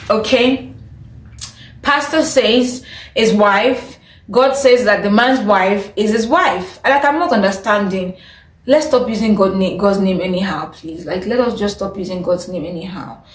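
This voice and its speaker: A woman's voice: mid-range voice, unhurried, roomy sound, rough recording. A woman vlogging her opinions in a chatty, opinionated way, often breaking into laughter. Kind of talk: casual opinion vlog.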